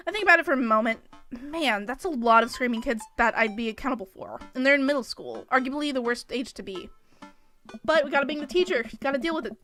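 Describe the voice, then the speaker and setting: A young woman with a high, bright voice, chatting as she plays a video game. She jokes and laughs often while reading along. Her tone is crisp and lively. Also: quick pace, faint music behind. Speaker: gameplay video host. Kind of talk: let's play commentary and reading.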